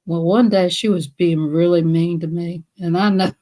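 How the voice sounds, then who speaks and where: A woman's voice: fairly low pitch, fairly even intonation, moderate pace, mellow. Chatty woman telling stories. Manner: chatty, laughs often, acts out voices. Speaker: live stream host. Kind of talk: casual storytelling.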